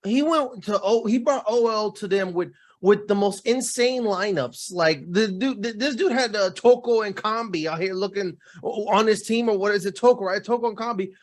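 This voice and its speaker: A young man with a high-pitched voice talks in a loose, animated way on a podcast. He leans on slang and drifts into quick asides as he goes. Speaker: podcast co-host. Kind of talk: casual chat.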